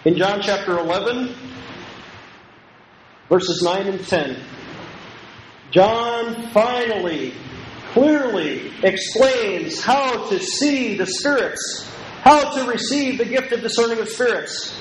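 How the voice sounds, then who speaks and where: A man's voice: high voice, animated, slow, pauses often. A man preaching an emphatic, repetitive Bible lecture and leading call-and-response with his listeners. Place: lecture hall. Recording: echoey room with faint noise.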